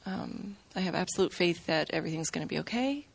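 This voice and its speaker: A woman sharing personal reflections softly and thoughtfully. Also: fairly low pitch, lively intonation, fast talker, gravelly, breathy edge.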